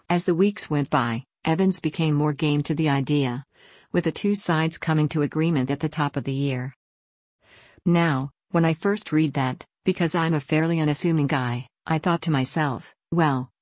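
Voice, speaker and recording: A woman reading an opinion news article aloud in a steady, even delivery. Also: sits low, dry recording, clean studio sound. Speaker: article reader.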